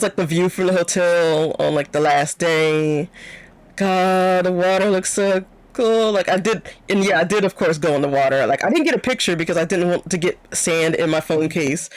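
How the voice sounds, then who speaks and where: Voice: medium pitch, no room sound, low-quality recording. Giggly young streamer rambling with fillers. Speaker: VTuber streamer. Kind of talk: casual stream chat.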